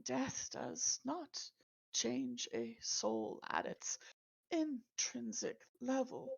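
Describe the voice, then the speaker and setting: A many-eyed male shopkeeper who speaks in a flat, formal, mechanical manner, as a woman puts him on for a tabletop game. The voice is gravelly and slow-paced, and it comes through a dull, lo-fi stream recording. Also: sits high, full character voice. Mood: stiff. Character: stiff male clockwork shopkeeper with many eyes.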